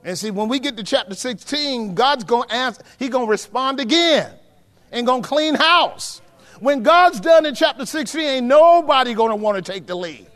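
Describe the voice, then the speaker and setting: A man preaching a sermon as pastor, swinging from hushed asides to shouts and calling on the congregation. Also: very high voice, lively intonation, moderate pace. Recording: long hall reverb.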